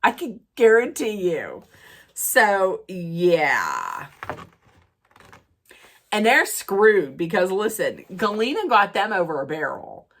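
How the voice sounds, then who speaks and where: A woman talks through a reality show recap at an unhurried pace, with a mid-range voice. She sounds chatty and opinionated, stops and restarts her sentences, and often drops into a lower voice to act out what the cast members said. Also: huge pitch swings, fairly bright tone. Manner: acts out quoted lines in a lower voice. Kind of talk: casual recap rant.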